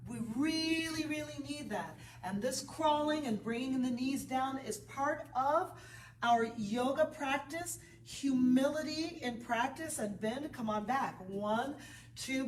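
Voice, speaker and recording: A woman leading a yoga class, counting poses and breaths and encouraging her students. Her voice sits a little high and comes from some distance off the mic. The echoey studio around her rings. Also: slight background noise. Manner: counts out breaths and moves, then encouraging asides. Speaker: yoga instructor. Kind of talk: guided yoga class instruction.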